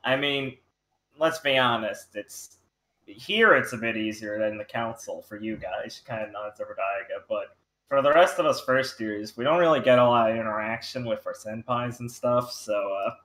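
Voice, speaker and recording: Guy playing a tabletop rpg, polite kinda unsure, bright voice, echoey room. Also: medium pitch, lively intonation, normal speed. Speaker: player. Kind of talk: in-character tabletop role-play.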